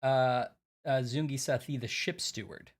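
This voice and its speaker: A woman's voice: very deep voice, a little slow. A young woman chatting playfully while she plays a mystery game on stream, thinking aloud. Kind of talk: casual game-stream chat.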